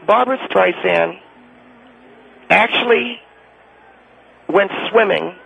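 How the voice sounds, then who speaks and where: A man doing a gravelly, snide phone-in guy. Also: sits high, slow pace, a little hiss or hum, pitched above the performer's own voice, heavily acted. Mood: needling. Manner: snide, teasing. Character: smug middle-aged male phone-in guest, mocking and needling. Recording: tinny phone line.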